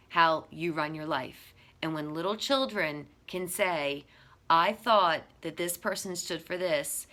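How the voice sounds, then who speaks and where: A woman with a slightly low voice gives an inspirational faith talk. She speaks earnestly and sometimes sinks into a soft whisper for quiet moments. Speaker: speaker sharing a faith message.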